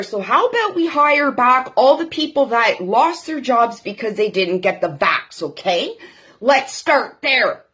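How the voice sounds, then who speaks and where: A woman's voice: on the high side, sing-song, unhurried, a bit bright, breathy edge. A middle-aged woman from Canada ranting casually about politics to her viewers, rambling and tagging her points with "okay, guys?". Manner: rambling, frequent "okay, guys?" tags, addresses politicians directly. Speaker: political commentary vlogger. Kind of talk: casual political rant to camera.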